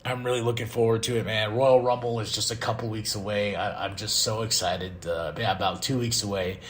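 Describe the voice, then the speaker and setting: A man hosting a podcast, giving an excitable casual recap with frequent laughs and sudden exclamations. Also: fairly low pitch, brisk, slight background noise. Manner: excitable, animated, laughs often. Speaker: podcast host.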